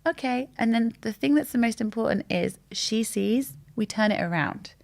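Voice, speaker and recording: This guest is a woman in her thirties with a fairly high, gravelly voice and a normal pace. She shares stories in an animated, open, candid way during a relaxed conversation.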